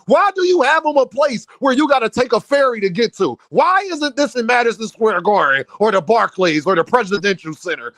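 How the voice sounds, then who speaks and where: Heated, high-voiced man ranting on boxing. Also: normal speed, hardly any pauses, no echo. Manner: animated, heated, jumps to near-shouts; many restarts and repeated fillers. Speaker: boxing commentator and host. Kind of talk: casual boxing commentary rant.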